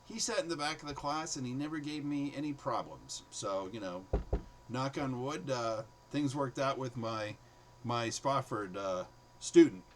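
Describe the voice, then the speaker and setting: This man speaks a little slowly at medium pitch, and the poor audio has slight background noise. He's an ex-teacher telling classroom anecdotes in a casual monologue, animatedly acting out what his students said in quotes.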